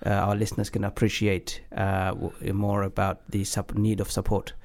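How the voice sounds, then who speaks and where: Man, radio host, hesitant with fillers, somewhat low voice, studio talk. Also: completely flat delivery, normal speed, a little mellow. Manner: hesitant, many fillers and restarts. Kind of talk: community radio talk show.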